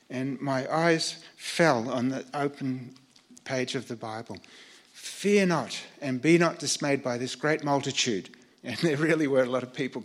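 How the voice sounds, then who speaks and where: Halting, earnest older man telling a story. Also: medium pitch, a bit bright. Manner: halting, repeats words, earnest. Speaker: former missionary. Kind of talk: personal storytelling.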